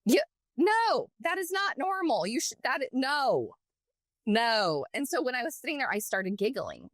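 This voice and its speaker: A woman co-hosting a podcast, chatting casually and telling a story in an animated way with lots of filler words. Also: high-pitched, measured pace, dry recording, clean studio sound. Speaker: podcast co-host. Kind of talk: casual chat.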